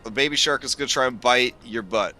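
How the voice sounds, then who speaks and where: A man's voice: mid-range voice, quick pace, pushed and bright, a little hiss or hum. A man running a tabletop game as game master, narrating in a rambling way with lots of fillers and restarts.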